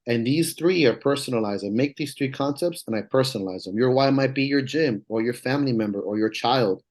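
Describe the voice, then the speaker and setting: A man's voice: medium pitch, fairly quick, a little mellow. A man, a strength coach, talks as a podcast guest in a casual way that is emphatic, profane and rambling, but earnest.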